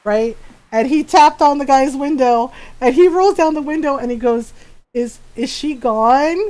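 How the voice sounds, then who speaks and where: Woman game streamer, animated casual storyteller, a touch high-pitched. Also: moderate pace. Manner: animated, laughs often, many fillers and tag questions. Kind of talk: casual storytelling chat while gaming.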